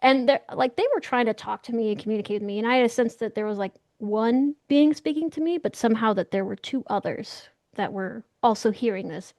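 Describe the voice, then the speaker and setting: A young woman, a guest in an interview, telling a story in an animated, excitable way and acting out the voices she quotes. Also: on the high side, a little fast, few pauses, no room sound, clean studio sound.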